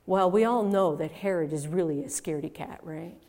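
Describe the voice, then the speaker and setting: A woman giving a first-person dramatic monologue as a biblical mother, storytelling expressively and swinging from hushed to loud. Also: fairly low pitch, fairly quick. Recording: long reverb in a large hall.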